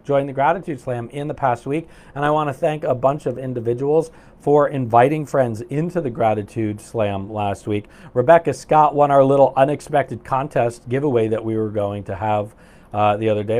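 A man's voice: medium pitch, a little mellow. A man hosting a live coaching stream, upbeat and chatty, reading viewers' comments aloud with many fillers.

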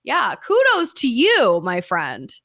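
A woman comedian chatting as a podcast guest, brash and animated, swearing freely as she tells stories. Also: on the high side, takes it slowly, no room sound, clean studio sound. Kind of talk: casual podcast chat.

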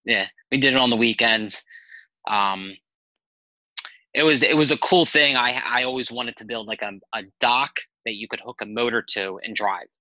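A man with a very bright, forceful voice tells loose, rambling stories as a podcast guest. He talks casually, swears freely and jumps between thoughts. The sound is dry and close, with no room around it. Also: medium pitch, normal speed, no room sound, low-quality recording. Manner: animated, rambling anecdotes with profanity. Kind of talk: casual storytelling chat.

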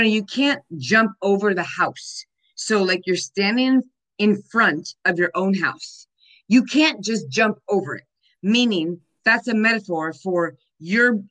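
A woman's voice: mid-range voice, a bit bright, poor audio. A woman hosting a podcast, talking earnestly in a casual chat and using "like" and "you know" often. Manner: earnest, many fillers like "like". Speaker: podcast host.

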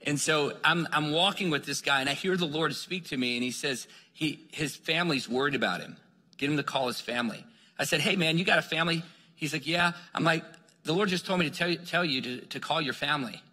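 A man preaching a sermon, telling a story with lively acted-out dialogue. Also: a little high, brisk. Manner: animated storyteller acting out dialogue. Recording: long hall reverb.

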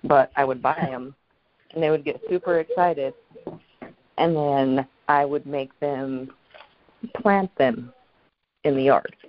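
A woman co-hosts a podcast and tells family stories in a warm, anecdotal way, laughing as she goes. The recording sounds somewhat dull and muffled. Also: very deep voice, takes it slowly, long pauses. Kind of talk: casual storytelling chat.

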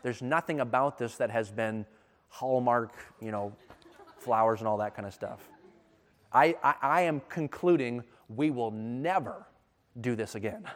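A man telling a personal story in a sermon, animated and emphatic, his intensity rising as he speaks. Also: mid-range voice, a little slow. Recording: long reverb of a hall.

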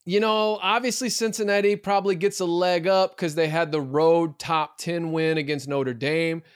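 A man co-hosting a casual sports podcast, opinionated and animated, with many fillers and restarts. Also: on the high side, moderate pace, clean tone, dry recording, clean studio sound. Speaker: podcast co-host.

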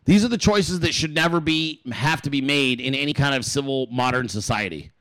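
A man hosting a political show, ranting in heated, profane commentary and repeating words for emphasis. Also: fairly quick. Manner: swings in pitch and loudness.

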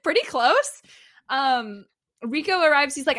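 A woman with a fairly high voice chats casually on a podcast, giggling through her recap. Her talk is loose and full of fillers. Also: moderate pace, fairly bright tone. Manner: giggly, laughs often while recapping. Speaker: podcast co-host.

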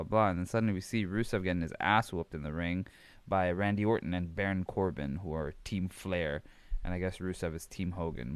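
Man, podcast host, casual rambling chat, profane, low smooth voice, dry close mic. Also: no echo. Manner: rambling, profane, laughs often. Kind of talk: casual wrestling recap chat.

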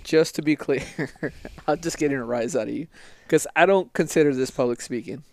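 A man's voice: a little high, a little fast. A man co-hosting a casual podcast, teasing and blunt, swearing casually. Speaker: podcast co-host.

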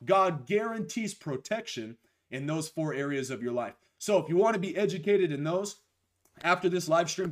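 Hoarse young man preaching a live-streamed sermon. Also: fairly high pitch. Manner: emphatic, slows and stresses key phrases, greets viewers by name. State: losing his voice.

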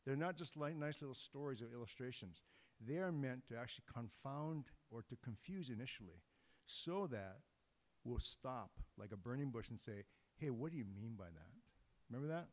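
A man delivers a sermon in an easygoing, joking way, often breaking off and restarting his phrases. His voice sits at an ordinary middle pitch. The sound rings out with the long reverb of a large church sanctuary. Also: animated, a little fast. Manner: informal, joking, conversational with restarts. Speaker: guest preacher.

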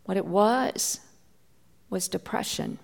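A woman's voice: mid-range voice, slow pace, gravelly, big-room sound. A middle-aged woman pastor preaching a sermon, telling a personal story with heartfelt feeling and sometimes dropping to a near whisper. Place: church.

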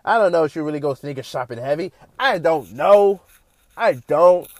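Man podcast host, rambling casual talk, slightly high voice, dry close mic. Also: normal speed, dry recording. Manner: animated, rambling, many fillers. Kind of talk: casual monologue.

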